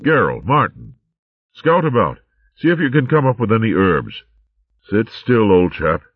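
A man's voice: fairly low pitch, very animated, measured pace, breathy edge, dry recording, pitched above the performer's own voice, exaggerated voice. A man voicing a blustering male hare warrior in a storybook, talking in a bluff, hearty way with old-fashioned slang. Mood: brisk, bossy. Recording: tinny narrow-band recording.

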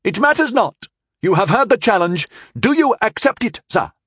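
A man's voice: high voice, very animated, moderate pace, fairly bright tone, breathy edge, no room sound, studio quality, voice pushed up, exaggerated voice. A man voicing a hot-headed teenage male squire who speaks stiffly and formally. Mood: indignant formal.

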